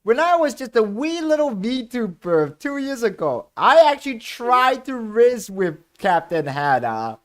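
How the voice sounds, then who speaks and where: A male stream co-host in casual chat, his pitch leaping around as he rambles on with fillers. He sounds excitable and talks straight to his viewers. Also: measured pace, hardly any pauses. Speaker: co-host of a talk and news stream.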